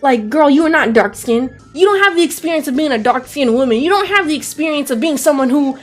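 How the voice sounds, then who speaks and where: A woman's voice: high voice, expressive, fast talker. A young adult woman talking casually as an artist vlogger, full of "like" fillers, swearing and ranting. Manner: chatty, many "like" fillers, swears and rants with laughs. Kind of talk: casual vlog chat. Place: home art studio. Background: faint background music.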